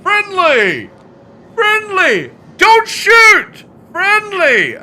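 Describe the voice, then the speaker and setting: A man putting on the voice of a panicked, whiny male gamer who begs not to be shot, with shrill pleading cries. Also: huge pitch swings, very slow, bright, forceful tone, full character voice.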